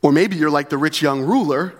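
This man's sermon comes in a fairly quick, higher-pitched voice; as pastor he speaks conversationally, circling back to key phrases and frequently asking "right?"

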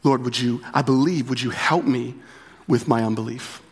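A man's voice: mid-range voice, normal speed, husky. Conversational male pastor preaching. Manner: conversational, with frequent tag questions; repeats key phrases for emphasis. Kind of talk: sermon.

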